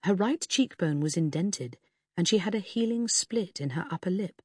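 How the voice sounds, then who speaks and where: A woman narrating a story in a measured way, voicing each character. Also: lowish voice, animated, darkish tone, breathy edge, no echo, studio quality. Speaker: audiobook narrator. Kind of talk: scripted narration.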